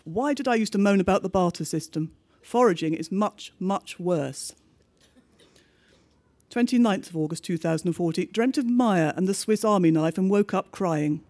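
A man with a notably high voice reads a bleak diary-style story aloud. His delivery is measured and understated, with each entry set down plainly. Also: a little mellow. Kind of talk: scripted narration of a diary story.

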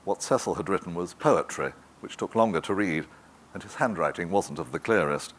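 A man narrating a literary novel in a measured, even manner. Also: low voice, a little hiss or hum. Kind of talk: scripted audiobook narration.

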